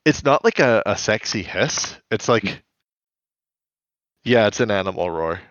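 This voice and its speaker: A man's voice: lowish voice, lively intonation, a little slow, fairly bright tone, dry recording. A man co-hosting a podcast in casual chat, rambling and giggly, with many restarts. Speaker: podcast co-host. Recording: dull lo-fi podcast audio.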